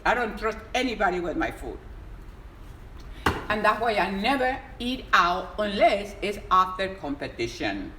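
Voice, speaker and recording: A woman's voice: mid-range voice, big pitch swings, a little slow, pushed and bright, echoey room, poor audio. Woman, emphatic health coach, casual stream chat, faint background noise. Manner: emphatic and exuberant, pleading at times. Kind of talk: casual live-stream advice. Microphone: phone on a live stream.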